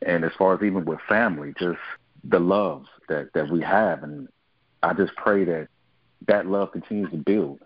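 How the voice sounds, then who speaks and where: A man giving an earnest, halting personal testimony on a family prayer line. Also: deep voice, slightly rough, no echo, highs cut off.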